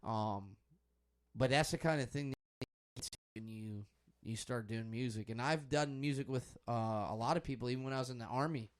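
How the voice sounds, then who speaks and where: A young man hosting a laid-back podcast, talking in a loose, rambling way. He swears freely and jumps from stories to calling out a game he is watching. His voice sits at a middling pitch. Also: normal speed. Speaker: podcast host. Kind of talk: casual chat while watching basketball.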